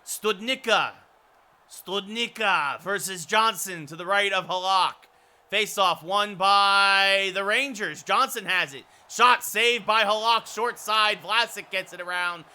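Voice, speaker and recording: Brief: male streamer, thirties, high bright voice, excitable hockey play-by-play. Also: unhurried. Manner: excitable play-by-play calls, with asides to chat. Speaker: streamer doing play-by-play of a hockey video game. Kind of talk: sports play-by-play commentary.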